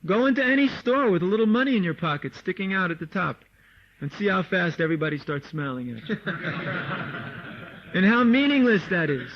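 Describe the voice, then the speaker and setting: A man giving a lively, informal lecture to devotees, mimicking people and laughing as he talks, recorded on an old tape. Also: sits high, fast. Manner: animated, mimics voices, laughs often. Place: meditation hall or farmhouse room. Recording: dull lo-fi 1979 tape recording.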